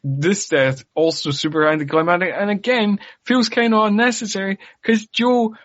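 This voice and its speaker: A man's voice: high-pitched, steady tone, normal speed, fairly bright tone. A man co-hosting a podcast, talking in a casual, rambling way full of fillers and wry asides. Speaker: podcast co-host. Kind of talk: casual chat. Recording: dull lo-fi podcast audio.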